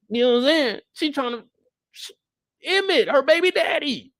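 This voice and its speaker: A young man giving a casual live recap of a TV episode, talking in animated, slangy, profane banter. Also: sits high, normal speed, dry recording, studio quality. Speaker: show recap host.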